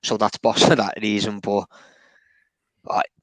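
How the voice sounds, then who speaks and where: A man's voice: on the low side, level tone, unhurried, fairly bright tone, no room sound, rough recording. A man chatting as a podcast guest, casual and sweary, calling people mate. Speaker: panel guest. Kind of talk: casual football podcast chat.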